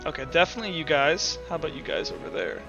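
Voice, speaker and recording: A man's voice: fairly high pitch, very animated, fast, creaky. A man narrating a tabletop role-play as game master, in a casual way with fillers. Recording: dull audio, faint background music.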